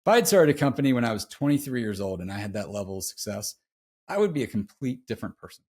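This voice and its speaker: Talking fast and very animated, a middle-aged podcast guest relates a personal story in a laid-back, slangy manner peppered with "dude." His fairly low, darkish voice is slightly rough, and the casual interview grows heartfelt and confessional.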